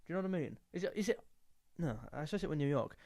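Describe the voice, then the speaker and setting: A man's voice: a little high, expressive, rapid-fire, a little mellow, no room sound. Chatty young man, dry sound. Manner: jokey, snatches of sung lines. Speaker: music youtuber. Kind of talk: casual chat.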